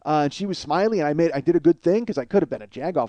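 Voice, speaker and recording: A man in his forties, a comedian host, telling a long story in a blunt, profane, animated way. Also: a little high, very fast, no room sound. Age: 40s.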